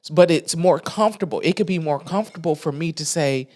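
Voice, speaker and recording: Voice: mid-range voice, fast talker, darkish tone. A podcast host sharing a heartfelt, unscripted monologue into a microphone. The talk is candid and emotional, colloquial, with frequent restarts and asides to listeners. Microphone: studio microphone.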